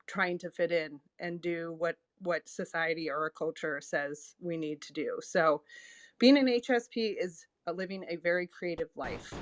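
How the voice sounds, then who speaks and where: Female host, relaxed talker, slightly low pitch, very dry close recording. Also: dry recording. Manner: warm, chatty, many ums and laughs. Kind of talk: casual chat.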